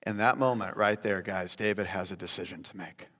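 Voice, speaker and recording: A man preaching a sermon as pastor, animated and addressing listeners as guys. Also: low-pitched, fairly quick. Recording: long hall reverb.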